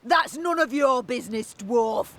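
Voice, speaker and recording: An actress playing a gruff female orc bounty hunter in a video game, curt and threatening. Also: a little high, lively intonation, unhurried, a bit bright, slight background noise.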